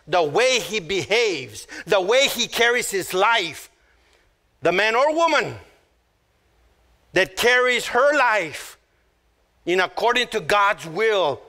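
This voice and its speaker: A man preaching a sermon, emphatic and repetitive, slowing right down to stress key words. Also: high voice, sharp tone. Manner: emphatic, repeats phrases, slows down to stress words; acts out little quoted voices. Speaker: pastor.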